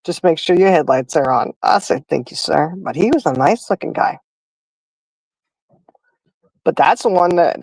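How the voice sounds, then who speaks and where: Middle-aged woman, livestream host, chatty storyteller who laughs a lot, slightly low voice, dry close sound. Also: gravelly, a little mellow, no echo, low-quality recording. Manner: chatty storyteller, laughing, addresses chat as y'all. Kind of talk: casual chat.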